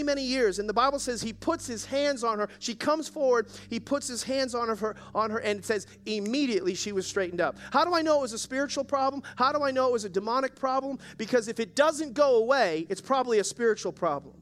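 A man's voice: very high voice, fast, a bit bright. A male pastor preaching a sermon at a church service, exhorting the congregation and calling for their responses. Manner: exhorting, calls for audience response.

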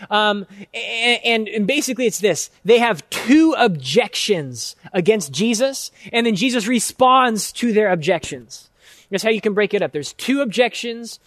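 Man, pastor, sermon, high voice, earnest and emphatic, repetitive cadence, dry close sound. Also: fairly bright tone, dry recording.

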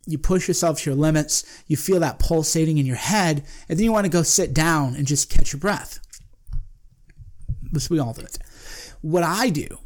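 A man's voice: fairly high pitch, normal speed. A man hosting a podcast, talking in a casual, emphatic monologue that often breaks off and repeats phrases. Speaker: podcast host.

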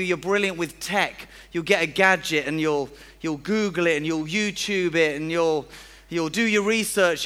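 A man's voice: high-pitched, fairly bright tone, clean tone. A man preaching a sermon in a church, chatty and self-deprecating, acting out little everyday scenes.

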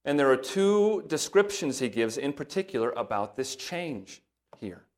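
A man preaching from the pulpit, working steadily through a passage of scripture. He reads the verses with lifted emphasis and drops to a softer, lower voice for brief asides. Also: big pitch swings, moderate pace. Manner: breaks into soft asides in a lower voice. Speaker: pastor. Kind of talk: sermon.

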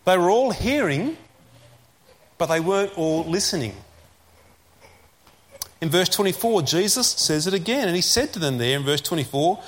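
A man preaching a sermon, repeating key phrases and slowing down to stress commands. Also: high-pitched, expressive, fairly bright tone, a little hiss or hum.

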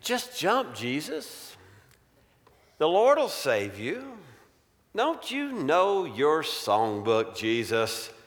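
A man's voice: fairly high pitch, wildly swooping pitch, extremely slow, big-room sound, full character voice. A man voicing a sly male devil who coaxes and mocks as he tempts, in a sermon. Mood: taunting. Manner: mocking, wheedling, counts out loud.

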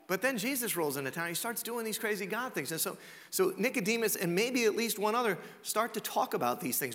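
A male pastor preaching a sermon, telling the story in an animated, conversational way with rhetorical questions. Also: high voice. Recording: echoey hall reverb.

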